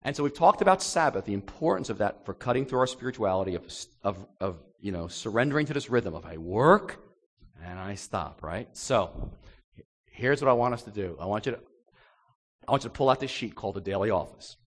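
A male pastor preaching an animated sermon and acting out the voices in the stories he tells. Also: fairly low pitch, a little fast, big-room sound.

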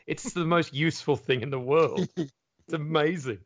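A man in his thirties with an Australian accent, a comedian guest on a podcast who riffs fast and swears often in sardonic chat. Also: fairly high pitch, muffled recording. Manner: sweary, sardonic, quick riffing.

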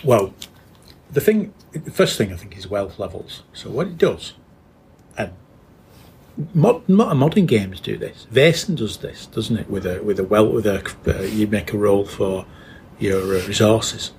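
A middle-aged man with a northern English accent talks games in a relaxed podcast chat. His voice sits lowish and gravelly, and he thinks aloud with stops and restarts. A faint hiss runs underneath. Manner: musing, chuckling, halting restarts. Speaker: podcast co-host. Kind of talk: casual chat.

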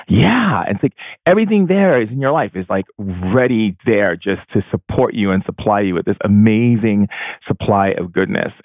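A man's voice: on the low side, a little mellow, no room sound. A man giving a spiritual monologue, effusive and breezy, full of "like" and "you know", breaking into whooping exclamations. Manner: heavy use of "like" and "you know". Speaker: spiritual teacher.

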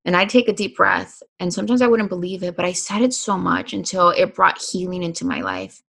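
A woman's voice: on the low side, brisk, gravelly. A woman speaking as a podcast guest in casual conversation, emphatic and upbeat, swearing freely. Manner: lively, varies between calm and excited.

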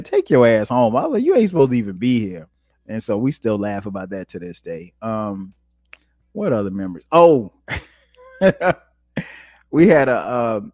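A man from South Carolina hosting a podcast, telling stories in a relaxed, casual way and jumping up in pitch when he quotes himself. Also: dry recording, studio quality. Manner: animated, jumps high when quoting himself. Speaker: podcast host. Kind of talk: casual storytelling.

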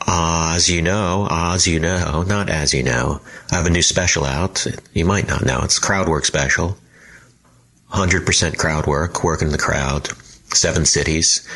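A man hosting a podcast, recording a deadpan intro into his phone. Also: extremely low pitch. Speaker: podcast host. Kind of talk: casual intro monologue.

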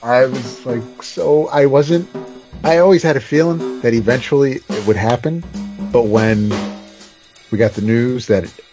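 A man co-hosting a comics podcast, rambling and animated, who laughs easily. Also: mid-range voice, unhurried, music in the background. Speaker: podcast co-host. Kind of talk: casual chat.

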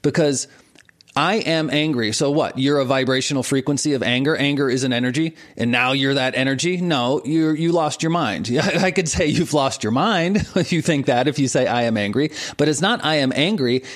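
A man's voice: mid-range voice, brisk, few pauses. Chuckling man explaining breath work. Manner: relaxed, chuckles often, repeats words while thinking. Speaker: entrepreneur coach and teacher. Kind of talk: conversational explaining.

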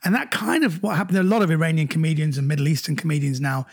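A middle-aged man, a comedian, recounting anecdotes in an animated way during an interview. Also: very fast. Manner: animated anecdotes, jumps higher when quoting others. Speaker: comedian guest. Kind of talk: storytelling in an interview.

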